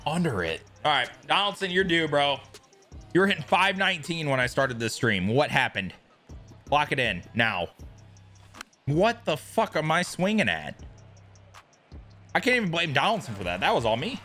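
A young man streaming a baseball video game, commenting casually, swearing and yelling at big plays. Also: a little high, moderate pace, pauses often, soft background music. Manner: excitable, yells at big plays, swears, talks to chat. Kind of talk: live gameplay commentary.

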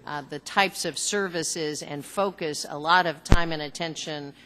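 A woman serving as a cabinet secretary, giving formal testimony at a hearing in a measured, earnest way with frequent fillers. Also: low voice, in a large hall, background noise. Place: large hearing room.

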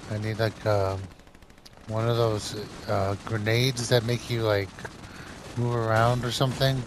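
A man streaming a shooter game in casual chat, excitable, yelping and swearing when surprised. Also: on the low side, unhurried. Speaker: gaming streamer. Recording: noisy game audio behind voice.

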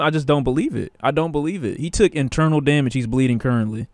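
A man streaming live, reacting to TV clips with animated, profane commentary and bursts of laughter. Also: a little high, a little fast, hardly any pauses, no echo.

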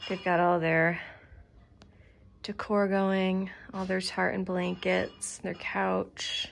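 A woman's voice: on the low side, level tone, slow pace, vocal fry, slight background noise. A young woman from Syracuse, New York, chatting in an upbeat, casual vlog at her parents' house on a handheld camera. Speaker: vlogger.

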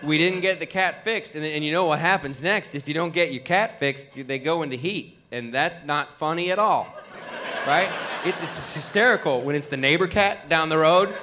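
A man doing an animated stand-up comedy routine on a club stage. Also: on the high side, moderate pace. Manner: animated storytelling with mock cat yowls. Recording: live club recording with crowd noise. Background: audience laughter.

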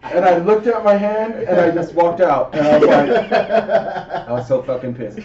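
A man co-hosting a podcast, telling an animated, profane story and acting out what people said. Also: sits high, measured pace. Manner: animated, profane, acts out quotes. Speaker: podcast co-host. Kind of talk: casual storytelling chat. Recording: roomy, distant, dull lo-fi mic.

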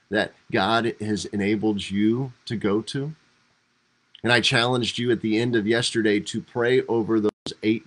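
Man, pastor, fairly low voice, devotional teaching, conversational, animated with quoted lines, livestream. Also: poor audio. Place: church livestream.

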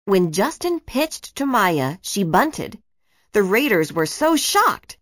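A woman narrates a children's storybook slowly and expressively, her pitch swooping and dancing through each line. The recording is dry and close, with no room sound.

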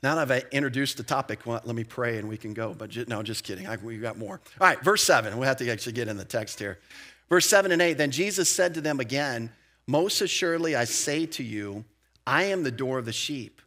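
Bright-voiced man preaching a lively sermon. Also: mid-range voice, brisk. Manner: lively, conversational preaching with slang and asides. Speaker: pastor. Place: church sanctuary.

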